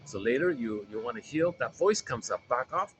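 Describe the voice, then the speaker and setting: A man's voice: mid-range voice, expressive, moderate pace, soft background music, poor audio. A man casually coaching a self-help group, rambling and repeating himself as he explains an exercise. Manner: rambling, repeats words and restarts phrases.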